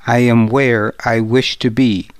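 Casual: guy reading a proud fierce noblewoman in an audiobook, soft slow firm voice, smooth and dry, not really a woman's voice. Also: medium pitch, flat delivery, no room sound, natural voice.

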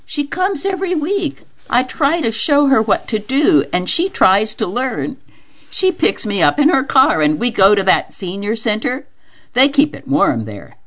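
A gentle elderly mother chats away in soft, simple words, as a woman reader puts her on. Her voice climbs high and swings lively. The sound is dull and lo-fi, like an old radio reading. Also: unhurried, heavily acted. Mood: fond. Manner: soft, simple homely phrasing.

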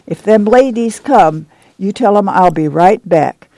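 A man's voice: high-pitched, lively intonation, measured pace, mellow, no echo, pitched above the performer's own voice. Man putting on a plain-spoken farm mother.

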